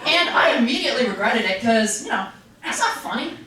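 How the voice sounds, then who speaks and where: A young woman performing a stand-up comedy set, self-mocking, with sudden jumps into high voices. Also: expressive, brisk. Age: young adult. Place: comedy stage with live audience. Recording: distant, roomy live recording with loud crowd.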